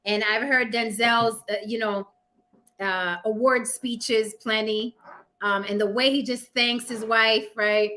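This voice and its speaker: A woman's voice: a little high, steady tone, slow, bright, forceful tone. Sassy New York woman hosting a livestream. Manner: blunt, sassy, profane. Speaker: host. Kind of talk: casual livestream chat.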